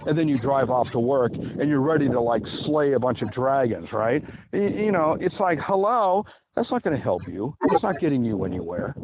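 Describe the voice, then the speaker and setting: A man holds forth in a loose, opinionated ramble, stretching out words for emphasis. He is slightly out of breath as he talks outdoors by a river. The audio is thin and phone-like, with clear noise underneath. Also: mid-range voice, very animated, moderate pace, few pauses. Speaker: podcast host. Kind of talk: casual monologue.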